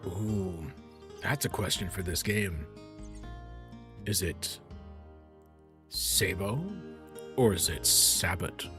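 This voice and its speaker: A man's voice: low voice, takes it slowly, pauses often. A man streaming a game, musing aloud in a rambling way and correcting himself as he goes. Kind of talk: casual gameplay streaming. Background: faint game music.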